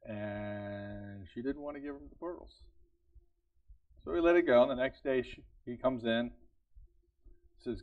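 A man's voice: mid-range voice, unhurried, pauses often, no room sound, phone-quality sound. Male preacher, conversational sermon, questions to the congregation, dry, slightly distant sound. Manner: earnest, conversational, asks the congregation repeated questions; laughs lightly between points. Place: church service.

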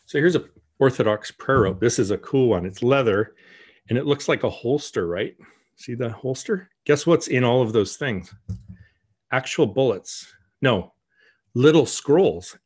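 A man of middle pitch gives a sermon in a church, telling a frank personal story. His delivery is candid and conversational. Now and then he drops to a soft, murmured prayer. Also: animated, unhurried, husky. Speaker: guest teacher.

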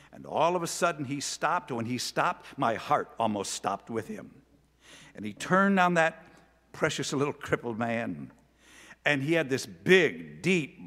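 A man preaching a sermon, telling a story in an animated, earnest way. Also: medium pitch. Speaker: pastor. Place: church sanctuary. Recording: long church reverb.

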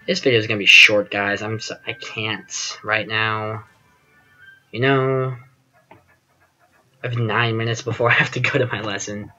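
Bright-voiced man rambling over gameplay. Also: fairly low pitch, little pitch movement, a little slow, pauses often, lo-fi sound, faint music behind. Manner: rambling, chatty, self-deprecating, trails off with fillers. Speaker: gaming channel host. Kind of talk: casual gameplay commentary.

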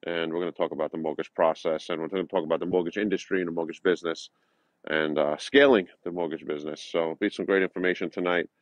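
A man's voice: low-pitched, steady tone, quick pace, no room sound. A man with a New York accent, a realtor giving a motivational morning message and prayers outdoors in a park, talking loosely with many uh and um fillers. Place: outdoors at a lakeside park at dawn. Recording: dull, dry, lo-fi sound.

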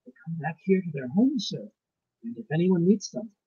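A man's voice: fairly high pitch, big pitch swings, moderate pace, breathy edge, muffled recording, exaggerated voice. A man voicing a placid, stubborn old peasant housekeeper woman with rustic grammar, reading a ghost story aloud. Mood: ominous.

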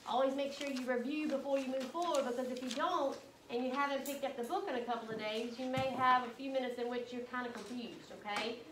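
A woman's voice: high voice, quick pace, few pauses, background noise. A woman teacher reading a book aloud to her class, prompting the students with questions. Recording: echoey room, mic from a distance.

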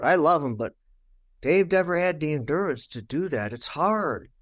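A man's voice: fairly high pitch, very animated, measured pace. Blunt, profane older man telling stories. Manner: blunt, profane, acts out his own past remarks. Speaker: rock guitarist interviewed. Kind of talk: candid interview storytelling.

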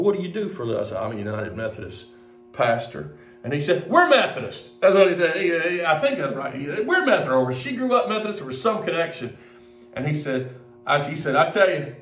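Preacher guy rambling through a story, lots of restarts, sounds far off in a roomy church. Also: mid-range voice. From Mississippi. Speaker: pastor. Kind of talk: sermon storytelling. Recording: roomy echo, distant from the mic, faint music.

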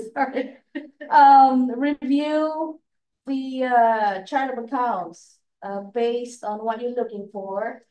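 A woman with a non-native accent presenting at a training session, halting, with many fillers and restarts. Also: on the high side, dark tone, distant mic. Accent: non-native English accent. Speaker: state education staff trainer. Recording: echoey room, voice from afar.

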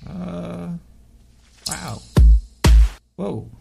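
Gravelly, paranoid-sounding male show host. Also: high-pitched, animated, drawn-out words, over loud music. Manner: profane, stammering, paranoid. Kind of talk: rambling conspiratorial monologue.

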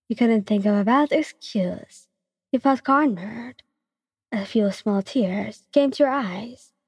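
A young woman softly narrating a second-person ASMR fan story in an even reading voice. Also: mid-range voice, husky. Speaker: fanfiction reader. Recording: long reverb.

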